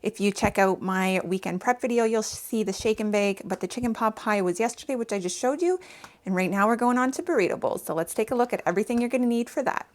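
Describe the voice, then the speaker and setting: A Canadian woman in her thirties, a home cooking vlogger, chats fast and directly to viewers while cooking in her home kitchen. Her voice is medium-pitched, and she sounds a little out of breath.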